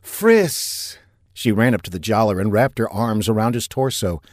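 A man narrating a science fiction audiobook in a steady, even storytelling manner on a close mic. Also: fairly low pitch, fairly quick, no echo. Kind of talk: scripted narration.

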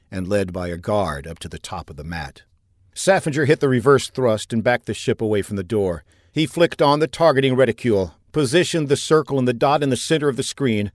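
A man narrating a science-fiction audiobook in a measured, steady storytelling manner that builds during action scenes. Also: lowish voice, no room sound, clean studio sound. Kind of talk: scripted narration.

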